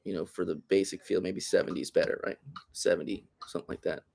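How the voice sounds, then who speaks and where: A man's voice: sits low, fairly even intonation, fast, creaky. A man teaching a flamenco guitar masterclass, explaining in a loose, rambling way and counting beats aloud while he plays. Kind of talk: masterclass demonstration. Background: loud guitar playing.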